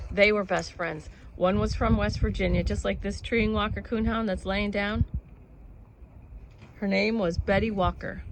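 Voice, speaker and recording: In a low-quality recording with a bit of background noise, a woman with a lowish voice reflects on happiness and freedom for her vlog. She's outside at home among her animals, wandering from thought to thought in an earnest tone and laughing in between.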